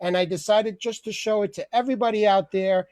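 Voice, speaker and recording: High-voiced man ranting on a video call. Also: steady tone, fairly quick, darkish tone, no echo. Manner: rambling, laughing often, swearing freely. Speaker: host of an online open mic show. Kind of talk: casual comedic rant.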